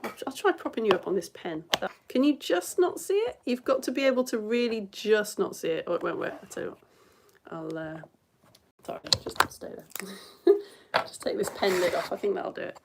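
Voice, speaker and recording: A woman from the United Kingdom presenting a live science show for children, chatty and excitable, talking straight to viewers and recorded on a phone indoors. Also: medium pitch, normal speed, gravelly, very noisy. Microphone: phone camera.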